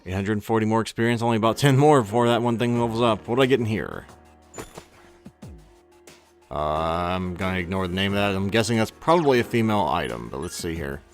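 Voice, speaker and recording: A deep-voiced man talks through his gameplay in a loose, rambling way. He often stops to correct himself and chuckles at his own remarks. Faint game music plays behind him. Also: lively intonation, quick pace. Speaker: let's play gamer. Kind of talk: casual gameplay commentary.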